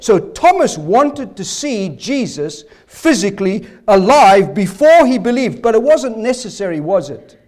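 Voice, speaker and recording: Hoarse preacher with a lively, high voice. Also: male voice, measured pace. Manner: expository preaching with rhetorical questions, coughing. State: hoarse, voice failing. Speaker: pastor. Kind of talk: sermon.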